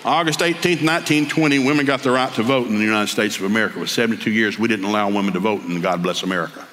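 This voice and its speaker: An older man with a Southern US accent, preaching a sermon full of comic family stories and jumping into high voices for the people he quotes. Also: very fast, slight background noise. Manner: animated storyteller, jumps to high excited voices for quoted people. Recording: long hall reverb, faint ambience.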